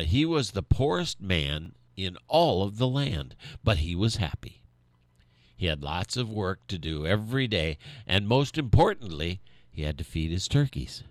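Deep, animated male storyteller. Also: no echo. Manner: animated, lively storytelling with restarts. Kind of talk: reading a children's story aloud.

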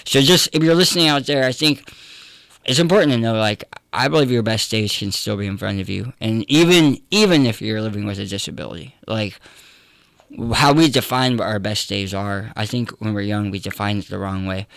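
A young adult man with a slight lisp, telling his story in an earnest, halting way as an interview guest. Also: on the low side, creaky, fairly bright tone, dry recording. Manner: earnest, halting, many restarts. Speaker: guest, comedian and preacher.

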